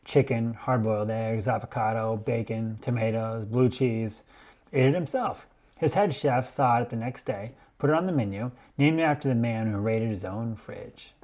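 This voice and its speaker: Male podcast host, measured storyteller, mid-pitched voice. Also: darkish tone. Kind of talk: scripted explainer podcast.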